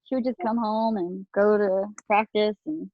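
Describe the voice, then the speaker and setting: A woman's voice: mid-range voice, fairly even intonation, normal speed, dry recording. Podcast co-host, woman, casual and chatty with many fillers, dry and slightly muffled remote-call sound. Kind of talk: casual chat. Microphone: video call. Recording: dull lo-fi remote call audio.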